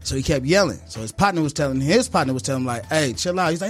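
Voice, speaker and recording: Barber, casual storyteller; quick, high, profane, does the voices. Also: male voice, faint music behind. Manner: animated, acts out voices in his story; slangy, profane street talk.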